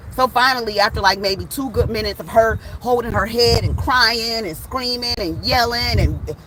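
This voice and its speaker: A woman tarot reader chatting casually to her viewers outdoors, animated and swearing freely as she tells stories. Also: a little high, normal speed, a crowd in the background, poor audio. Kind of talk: casual storytelling vlog.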